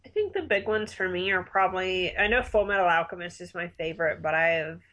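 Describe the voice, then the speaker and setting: A person in their twenties in casual chat, relaxed and enthusiastic with easy laughter. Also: mid-range voice, brisk, poor audio. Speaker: conversation partner.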